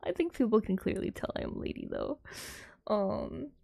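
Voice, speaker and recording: A woman's voice: medium pitch, lively intonation, moderate pace, creaky, dark tone. A woman livestreaming, chatting casually with her viewers in a rambling, giggly way, laughing often.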